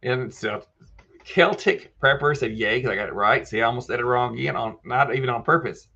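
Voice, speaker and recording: A man's voice: medium pitch, brisk, gravelly, pushed and bright, highs cut off. A man hosting a casual live chat. He reads viewer comments aloud and answers them by name in a folksy way. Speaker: livestream host answering viewer questions.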